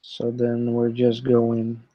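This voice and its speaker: A man's voice: medium pitch, monotone, takes it slowly. A man teaching an English class live online, explaining step by step and checking in often with "okay", heard through a computer mic on a video call. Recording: dull lo-fi online call audio.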